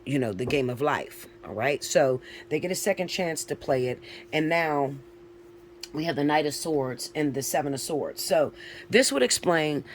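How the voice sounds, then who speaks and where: A man's voice: on the high side, expressive, normal speed, slight background noise. A man giving a casual spoken tarot reading, talking loosely and informally and checking in often with his listener. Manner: chatty, tags lines with "all right?" and "okay?"; loose and informal, with occasional swearing. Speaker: tarot reader.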